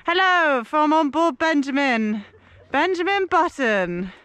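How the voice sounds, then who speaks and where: Woman, young adult, high voice, very lively, giggly self-mocking chatter, on horseback outdoors, action camera mic. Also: takes it slowly. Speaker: vlogger host. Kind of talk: casual vlog chat. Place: outdoor riding arena on horseback. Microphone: helmet action camera.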